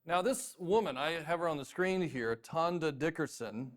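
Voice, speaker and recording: Animated pastor from North Carolina. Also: male voice, fairly high pitch, moderate pace. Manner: storytelling, self-deprecating, animated with mock voices. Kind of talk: sermon.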